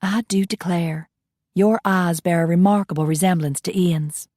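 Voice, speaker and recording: A woman's voice: lowish voice, fairly even intonation, moderate pace, a little mellow, no room sound, clean studio sound, close to an everyday voice. A woman reading an audiobook voices a chatty Southern belle vampire barmaid with a Southern accent and genteel manner. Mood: sweet.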